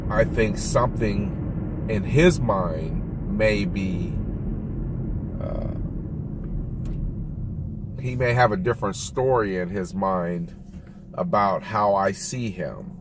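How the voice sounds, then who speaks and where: Low-voiced guy talking real slow and open about his life, loud car noise behind him. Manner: slow, thoughtful, candid. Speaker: realtor talking about family. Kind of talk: reflective personal monologue.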